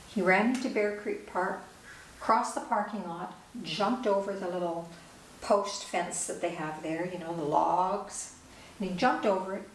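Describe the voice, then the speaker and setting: Older woman telling a story, distant and echoey. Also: medium pitch. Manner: vivid storyteller who acts out dialogue. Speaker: author and speaker. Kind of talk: personal storytelling talk. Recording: echoey room, distant mic, faint hiss.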